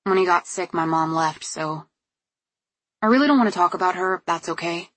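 An earnest, vulnerable young man, read by a woman in a storybook. The voice sits a little low and husky. It has a soft, dry, close sound. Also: fairly quick, dry recording. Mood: sad.

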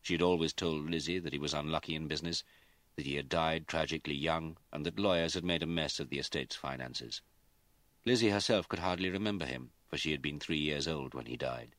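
A man with a very deep voice reads a novel aloud in scripted narration. His delivery is measured and even. The sound is dry and close. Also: dry recording. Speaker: audiobook narrator.

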